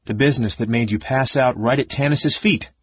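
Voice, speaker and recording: A man voicing a fiery, sharp-tongued young woman in a raised, clipped voice. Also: lowish voice, lively intonation, normal speed, slightly rough, no echo. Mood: bitter. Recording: dull lo-fi audiobook recording.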